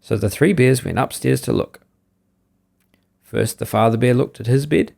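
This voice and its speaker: A man hosting a podcast, reading a bedtime story aloud in a lively, sing-song way. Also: mid-range voice, moderate pace, gravelly.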